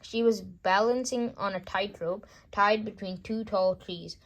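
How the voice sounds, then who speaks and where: A woman reading a children's bedtime story aloud, gentle and unhurried, with small slips. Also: mid-range voice, steady tone.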